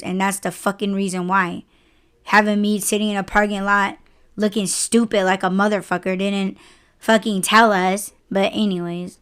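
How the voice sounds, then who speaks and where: Profane, exasperated woman ranting. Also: medium pitch. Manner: profane, exasperated, animated retelling. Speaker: podcast host; delivery driver. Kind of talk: casual storytelling rant.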